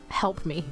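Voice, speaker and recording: A woman streamer rambling through emotional live commentary on a game, swearing freely and talking back to chat. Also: sharp tone.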